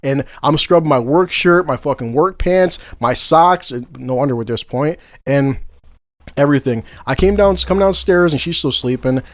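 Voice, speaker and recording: Laughing partway through sentences and acting out what people said, a podcast co-host tells a crude, profanity-heavy story. His voice is a little high, moves at a normal speed, and has no room sound.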